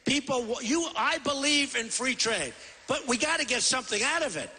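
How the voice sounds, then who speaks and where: A man's voice: very high-pitched, lively intonation, normal speed, sharp tone, breathy edge. A man in his sixties giving a rambling, boastful, repetitive campaign rally speech into a podium microphone in a large convention hall. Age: 60s. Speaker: presidential candidate. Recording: reverberant hall PA sound.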